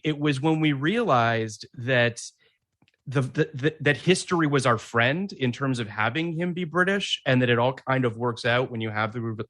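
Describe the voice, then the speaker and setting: A man's voice: mid-range voice, a bit bright, no room sound, studio quality. A man co-hosting a podcast, talking casually in a rambling way and laughing often.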